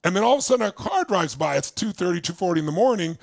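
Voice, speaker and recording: A man's voice: high-pitched, expressive, racing, creaky, dry recording. A man from Southern California giving an intense motivational talk, telling his own story to a live crowd. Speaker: motivational speaker.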